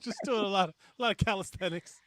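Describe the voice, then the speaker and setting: Talking fast in a fairly bright, high-sitting voice, a male podcast co-host rambles through casual chat, full of fillers and laughing at his own jokes.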